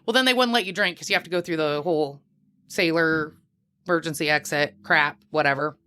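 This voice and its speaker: A woman's voice: low voice, fairly quick. Woman swearing her way through a wild story, chatty podcast guest in a packed little office. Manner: profane, lively anecdote teller. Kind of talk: casual storytelling. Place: crowded small office.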